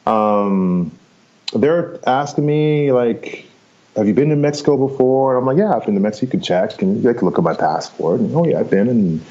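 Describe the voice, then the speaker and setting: A man's voice: mid-range voice, normal speed, mellow, muffled recording. A man in his fifties, a podcast guest telling his story casually and rambling, often checking in with "right?" and "you know.". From Canada. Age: 50s. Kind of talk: casual first-person storytelling.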